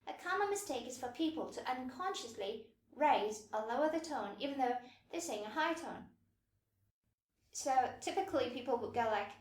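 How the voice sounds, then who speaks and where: A woman giving a patient, scripted pronunciation lesson, demonstrating sounds slowly and clearly. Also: high voice, echoey room. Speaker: language teacher.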